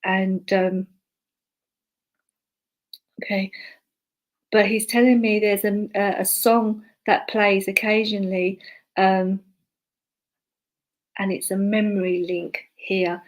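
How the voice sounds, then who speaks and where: Woman, spiritualist medium giving live online readings; hesitant, lots of fillers and restarts, murmurs quietly to herself between messages. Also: medium pitch, level tone, slow pace, pauses often, poor audio. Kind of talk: live online clairvoyance demonstration.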